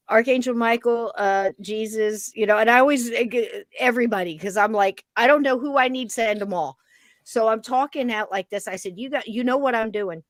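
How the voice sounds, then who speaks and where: Woman podcast host telling a personal story, animated and chatty, dry close sound. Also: medium pitch, no room sound. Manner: animated, acts out the scene, many "you know" fillers. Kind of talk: personal story told in casual chat.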